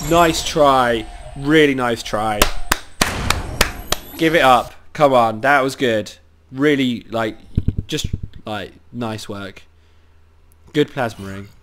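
A man with a cold giving excitable live commentary over his own gameplay, cheering on teammates and talking to himself. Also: medium pitch, slight background noise. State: has a cold.

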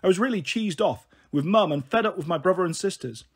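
Husky male storyteller, lively and high. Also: a little fast. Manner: expressive first-person narration. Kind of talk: audiobook reading of a children's novel.

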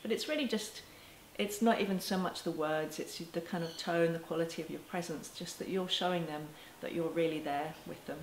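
A woman with a fairly low voice speaks gently and reassuringly, as if teaching parents straight to camera. The room around her is echoey, and a faint ambient hum sits under her voice. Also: fairly quick, few pauses. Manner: gentle and reassuring, with soft laughs. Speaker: parenting educator. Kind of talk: talking to camera.

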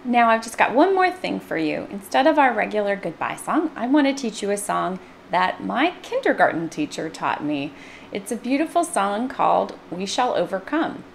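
In a sing-song, creaky voice of medium pitch, a librarian reads a picture book at normal speed during storytime. She playfully voices the sound words with big swings, and a little hiss or hum can be heard.

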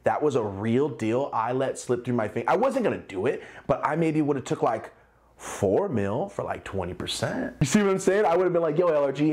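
Young man, casual vlog storytelling, cursing a lot, animated, acts out voices. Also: medium pitch, a little fast. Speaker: vlogger telling a story.

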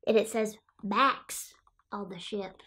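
A woman's voice: medium pitch, steady tone, slow pace, bright, forceful tone, slight background noise. A woman playing Pickles, a quirky childlike woman who says she was raised by wolves, reading a picture book aloud with chatty asides about herself in the third person. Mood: storytelling. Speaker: storyteller.

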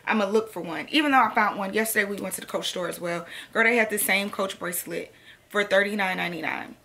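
A young woman, chatting to camera in a sassy, animated storytelling way. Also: medium pitch, fast talker, gravelly. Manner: animated, sassy storytelling, addresses viewers as sis and girl. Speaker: vlogger. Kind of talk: casual chat to camera.

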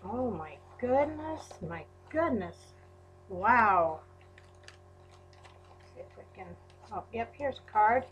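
Slow, gushing woman crafter. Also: a little high, animated, a bit bright, dull audio, slight background noise. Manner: gushing, exclaims often. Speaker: crafting YouTuber. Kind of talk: unboxing a mail package on camera.

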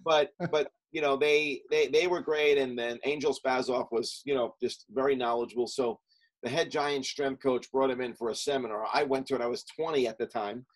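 A middle-aged man, a podcast guest and coach, telling stories from his past in a casual interview, with many fillers and quick lists. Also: mid-range voice, fairly even intonation, low-quality recording.

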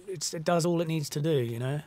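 A man's voice: on the high side, a little fast, darkish tone. A man from the United Kingdom talking through a film commentary in a loose, conversational way with many fillers. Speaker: film director.

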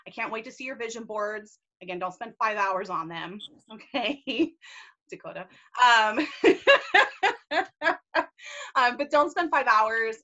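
A woman's voice: fairly high pitch, animated, slow pace, bright, forceful tone, highs cut off. A woman leading a team video call, enthusiastic, casual and gushing as she encourages her group. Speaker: team leader and mentor.

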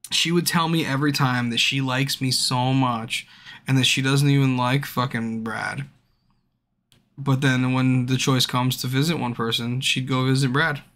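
A drunk man streaming a game, chatting casually, swearing constantly and bursting into yells at the screen. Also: medium pitch, steady tone, normal speed. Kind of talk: casual livestream commentary. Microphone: streaming mic.

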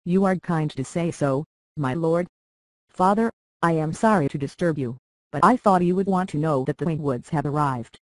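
A proud, quick-tongued young noblewoman, as an audiobook reader puts her on, pleading one moment and cutting the next. The delivery is dry and close, with an even middle pitch. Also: no room sound, lightly acted. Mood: earnest. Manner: pleading, then sharply biting. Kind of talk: audiobook character reading.

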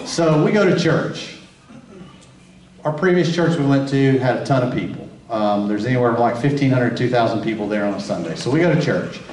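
A man speaks at a church marriage conference, telling frank and self-deprecating stories about his home life. He is heard from across an echoey hall, well back from the microphone, and his pitch sits at an ordinary middle level for a man. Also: expressive, fairly quick, darkish tone, distant mic. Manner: candid, self-deprecating storytelling. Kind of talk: church talk.

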